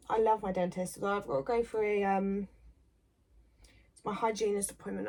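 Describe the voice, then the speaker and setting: A woman's voice: medium pitch, a little hiss or hum. Chatty woman from the English Midlands. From English Midlands, near Birmingham. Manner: chatty and rambling, talks to viewers like a friend. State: slight cold coming on. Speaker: beauty vlogger. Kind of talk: chatty get-ready-with-me makeup vlog.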